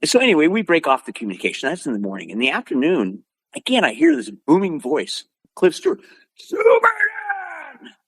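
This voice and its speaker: An older man from Oregon, a martial arts instructor telling stories as an interview guest, lively and acting out quotes. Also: fairly high pitch, fast, breathy edge, no room sound. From Oregon, USA. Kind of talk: animated storytelling.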